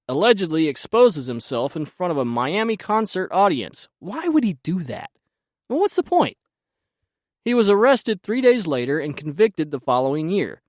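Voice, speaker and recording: A man hosting a casual solo podcast, his voice croaky and stuffed up from sinus trouble, rambling and laughing at himself. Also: a little high, no room sound, studio quality. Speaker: podcast host.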